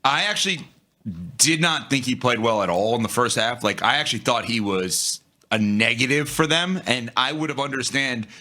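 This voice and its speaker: A man co-hosting a sports talk show, arguing his take in an animated way and speaking straight to the audience. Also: mid-range voice, moderate pace. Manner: animated, talks to the audience directly.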